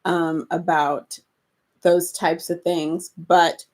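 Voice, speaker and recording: A woman co-hosting a casual chat about remodeling investment properties, agreeable and quick to laugh. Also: lowish voice, little pitch movement, a little mellow. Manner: encouraging, agreeable, laughs often. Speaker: co-host.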